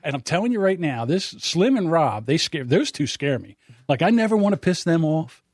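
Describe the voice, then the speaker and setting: A fifty-something man hosts a podcast and chats casually with his co-host. He tells stories with animation and acts out what others said. His voice sits a little high and sounds close and dry. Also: sing-song, normal speed, darkish tone, no echo. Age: 50s.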